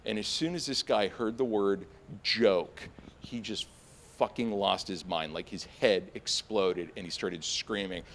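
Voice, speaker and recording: A young man telling a personal story live on stage, casual and animated, with frequent fillers and sudden high-pitched jumps when he quotes his own panic. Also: measured pace, slight background noise.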